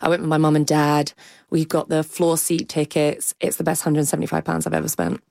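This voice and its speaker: A British woman, a cultural critic, chatting on radio and telling lively personal anecdotes. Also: sits low, a little fast, gravelly, no room sound, clean studio sound. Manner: enthusiastic anecdotal chat. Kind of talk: guest chat on radio.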